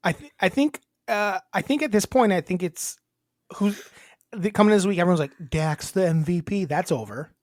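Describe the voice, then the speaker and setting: A woman's voice: lowish voice, animated, normal speed, a little mellow, no echo, clean studio sound. A woman co-hosting a podcast, chatting casually in a blunt, rambling, crude way. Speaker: podcast co-host. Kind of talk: casual chat.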